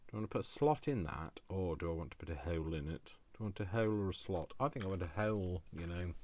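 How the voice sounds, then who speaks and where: Deep-voiced man thinking aloud. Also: animated, quick pace, darkish tone, slight background noise. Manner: chatty self-talk, addresses himself by name, jokey asides. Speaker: crafting channel host. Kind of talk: thinking aloud while crafting.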